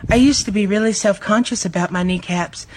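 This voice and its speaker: A man's voice: high voice, fairly quick, a little mellow. A man in a played video clip, speaking in an earnest, self-affirming way.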